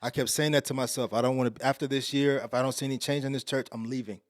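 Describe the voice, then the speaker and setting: A man from Texas, a podcast guest, telling a story in a casual, slangy, animated way. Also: fast talker, dry recording, clean studio sound. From Alief, Houston, Texas. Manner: animated, slangy, getting louder and higher as the story builds.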